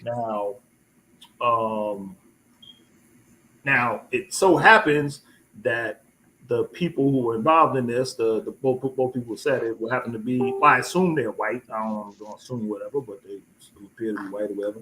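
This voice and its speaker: A man hosting a casual live chat, telling a rambling story with many restarts and repeated words, lively when he quotes people. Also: medium pitch, moderate pace, slight background noise, rough recording. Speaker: host.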